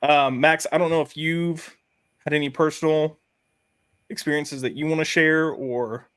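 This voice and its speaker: A man hosting a casual panel discussion, telling personal stories in an earnest, halting way. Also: a little high, steady tone, a bit bright, clean tone, no room sound. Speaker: podcast host.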